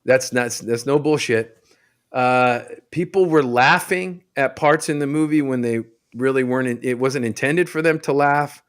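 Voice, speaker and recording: A man's voice: medium pitch, moderate pace, clean tone. A man on a podcast panel chatting casually, mocking and swearing, often laughing.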